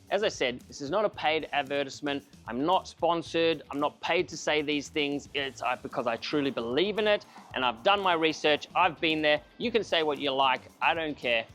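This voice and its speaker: A man's voice: fairly high pitch, a bit bright. A man giving a casual, enthusiastic coffee machine review to camera, chatty and self-mocking.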